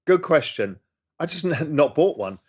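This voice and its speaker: A middle-aged man with a husky, slightly high voice hosts a casual livestream at home, very animated as he reads and responds to viewer questions. He keeps a moderate pace, and the audio is somewhat dull and lo-fi.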